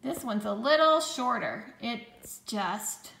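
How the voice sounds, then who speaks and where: A woman teacher giving a phonics lesson to children, speaking slowly and patiently and sounding out each dictation sentence word by word. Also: on the high side, lively intonation, vocal fry, fairly bright tone, reverberant.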